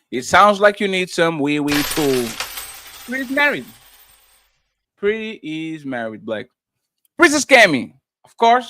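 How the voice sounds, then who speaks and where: A man hosting a live stream, loudly reading out and reacting to chat messages. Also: a little high, a little hiss or hum. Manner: loud, animated, shouts out chatters. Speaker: livestream host.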